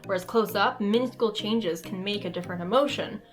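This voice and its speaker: A woman's voice: medium pitch, brisk, soft background music. A woman hosting a casual cosplay tutorial, talking to the camera in a playful, goofy way and acting out expressions.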